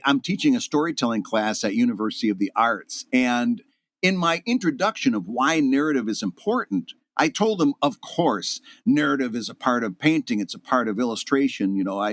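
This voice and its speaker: A man's voice: mid-range voice, animated, moderate pace, a bit bright, no room sound. A man co-hosting a podcast in casual chat, joking and laughing often. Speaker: podcast co-host.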